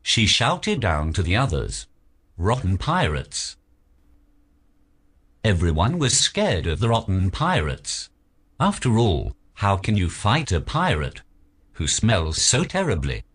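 A man reading a children's picture book aloud as narrator, in an expressive storybook manner. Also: on the low side, unhurried, slightly rough.

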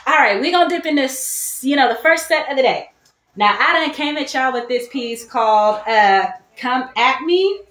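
A woman hosting a live online jewelry sale in a chatty, animated way, repeating key phrases and calling her viewers y'all. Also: high voice, moderate pace. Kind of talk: casual live-stream sales talk. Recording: echoey room.

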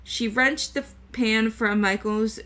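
A woman reading a novel aloud chapter by chapter, going slowly and carefully, stumbling now and then and correcting herself. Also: fairly high pitch, fairly even intonation, sharp tone. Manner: slow, careful reading with small slips and self-corrections. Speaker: VTuber book reader.

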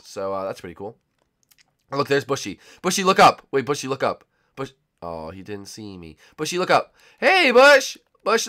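Animated young man gaming on camera. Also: mid-range voice. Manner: excitable, shifts between loud shouts and muttering. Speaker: gaming YouTuber. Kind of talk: casual let's-play commentary.

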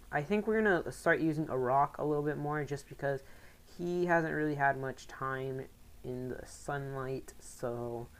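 A woman giving casual let's play commentary, rambling with excitable outbursts. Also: extremely low pitch. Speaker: gaming commentator.

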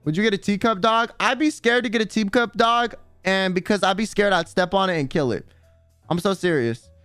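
Brief: male streamer, high and bouncy voice, smooth and dry, rambling profane chat over faint music. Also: fairly quick, no echo. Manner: rambling, profane, heavy use of "like"; animated, dramatic emphasis. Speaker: livestream host.

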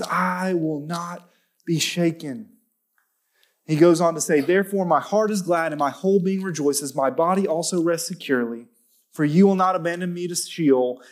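A man preaching a sermon in a church, talking in a conversational way with restarts, then rising to emphatic, lifted stretches when he stresses a point. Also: on the high side. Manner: conversational with self-corrections and restarts. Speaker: pastor.

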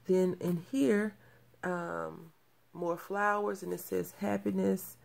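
A woman's voice: mid-range voice, level tone, slow, creaky, a little mellow. A woman in her thirties showing off crafting mail in a casual show-and-tell, gushing and repeating her praise. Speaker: crafting channel host.

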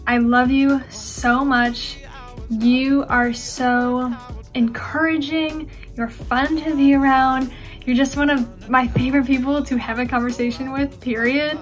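A young woman with a fairly high voice records a tender, emotional birthday message for a close friend. Soft music plays underneath. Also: fairly even intonation, measured pace.

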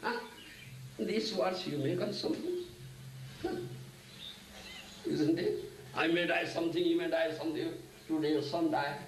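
An older spiritual teacher from India gives a devotional lecture in a slightly high, expressive voice, unhurried and full of long pauses. He often asks "Huh?" and "Isn't it?" and chants Sanskrit verses, recorded in an echoey room with a distant mic and faint hiss.

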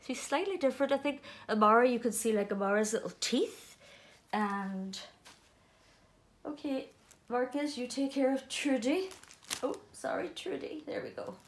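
A middle-aged woman with an Irish accent, chatting casually while unboxing dolls, gasping and gushing with delight. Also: fairly high pitch. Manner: gushing, gasping, exclaiming "oh my goodness". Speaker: doll collector vlogger.

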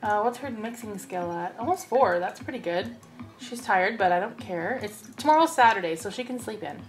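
Young woman for relaxed gameplay commentary; talks at her characters, soft music underneath. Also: mid-range voice, normal speed. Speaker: let's play host.

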